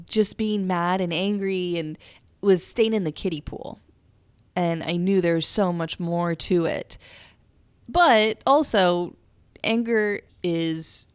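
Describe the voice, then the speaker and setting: A woman's voice: on the low side, vocal fry, dry recording. A young woman hosting a podcast, talking in a whispered role-play style, candid and emotional and swearing freely. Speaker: podcast host. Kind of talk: soft-spoken personal reflection.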